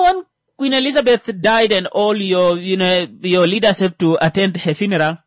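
A man doing stand-up comedy, animated, full of fillers and restarts, swinging between loud rising jokes and muttered asides. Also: on the high side, no echo.

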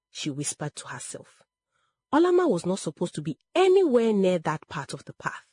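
A woman narrating a dramatic story in a slow, expressive, emotional way. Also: on the low side, slightly rough, no echo.

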